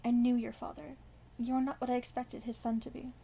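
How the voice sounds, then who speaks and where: A woman's voice: a little high, gravelly, slightly rough. A woman reading a mild old wizard headmaster. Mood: amused. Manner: calm, mild and unhurried. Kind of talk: fan fiction reading.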